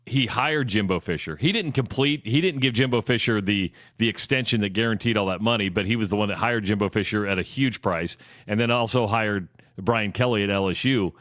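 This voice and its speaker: A man co-hosting a radio show, talking in a casual, halting way and often restarting his questions. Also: fairly low pitch, a bit bright, no room sound, clean studio sound. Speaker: radio co-host. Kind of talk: casual sports radio chat.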